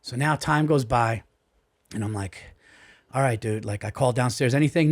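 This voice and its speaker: Profane, excitable man telling a story. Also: mid-range voice, normal speed. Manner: profane, excitable, acts out voices. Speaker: podcast guest, comedian. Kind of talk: animated storytelling. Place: podcast studio. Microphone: studio mic.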